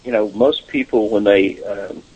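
A man guest on a paranormal talk show, describing investigations in a relaxed, halting way with many fillers. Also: on the low side, breathy edge, highs cut off. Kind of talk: casual interview talk.

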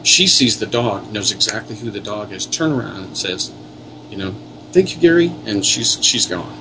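Earnest low-voiced man telling ghost stories. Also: moderate pace, noisy background. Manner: earnest, rambling storyteller with many restarts. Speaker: paranormal investigator guest. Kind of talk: casual interview talk.

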